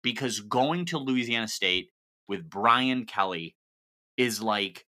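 A podcast co-host tears into a coach in long, elaborate sentences. His voice is very bright and swings widely in pitch as he rants. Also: expressive, slow pace. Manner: impassioned, wordy ranting. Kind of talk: casual sports podcast chat.

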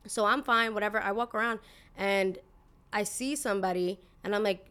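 A woman in her twenties hosts a casual opinion podcast, delivering a monologue in a mid-range voice at a moderate pace with a sharp, clean tone. She's blunt and indignant, says "like" constantly, and swears now and then.

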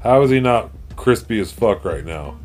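A man co-hosting a podcast, telling crude jokes and animated stories in casual chat. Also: lowish voice, moderate pace. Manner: crude, joking, animated storyteller. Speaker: podcast co-host.

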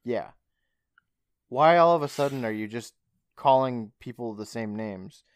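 A man's voice: mid-range voice, a little slow, clean tone, no room sound. A man co-hosting a podcast, casually retelling a show's plot and acting out the characters' lines. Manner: animated retelling, acts out lines. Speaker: podcast co-host. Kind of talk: casual recap chat.

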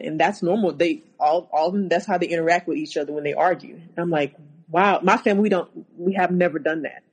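A woman, a guest on an interview show, recounting a personal story haltingly, with many restarts. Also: deep voice, slightly rough, rough recording.

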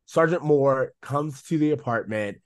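A man's voice: medium pitch, unhurried, no echo. Male podcast co-host, opinionated casual talk, close dry mic. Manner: opinionated, laughs easily. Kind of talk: casual chat.

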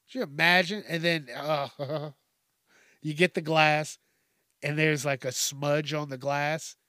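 A man's voice: a little high, a bit bright, no room sound, studio quality. A man hosting a podcast, delivering a profane comedic rant and laughing at his own jokes. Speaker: podcast host.

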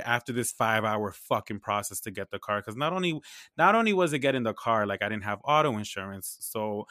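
A man's voice: on the low side, a little fast, no echo. Young guy telling a story, lots of slang and swearing, acts out both sides of the convo, dry close sound. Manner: animated, slangy and profane, acts out dialogue. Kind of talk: casual storytelling.

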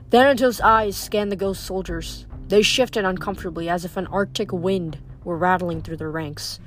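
A woman's voice: fairly low pitch, moderate pace, hardly any pauses, soft background music. Woman reading a novel aloud. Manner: steady, with small slips. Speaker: reader. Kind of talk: audiobook reading.

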